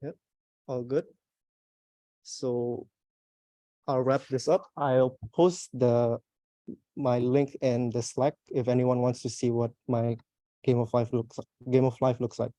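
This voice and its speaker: A young man with an Australian accent gives a meetup talk in a mellow, hesitant voice full of small restarts. The sound is dry and close. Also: mid-range voice, fairly even intonation, slow pace, long pauses, no echo. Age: young adult. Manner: hesitant, plain-spoken with restarts and fillers. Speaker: conference speaker.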